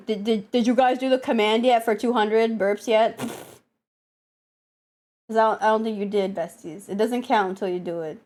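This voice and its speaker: A woman streamer with a cold, chatting casually and excitably with her chat, swearing and scolding them playfully. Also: on the high side, normal speed. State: has a cold, coughing.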